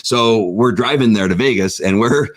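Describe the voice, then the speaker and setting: A middle-aged man, co-host of a casual talk show, telling a long story and acting out the voices in it. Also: normal speed. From Southern California. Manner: animated storyteller, acts out voices with big pitch jumps. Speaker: podcast co-host.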